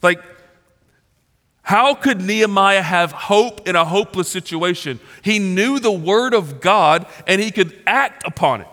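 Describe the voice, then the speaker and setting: Man preaching, casual slangy pastor, forty-something, bright voice, long hall reverb. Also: sits high, lively intonation, measured pace. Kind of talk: sermon. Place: large church auditorium.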